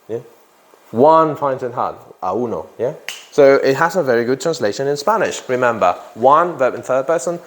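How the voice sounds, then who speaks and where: A man teaching an English grammar lesson to a class, who repeats key phrases and often checks in with "yeah?". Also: mid-range voice.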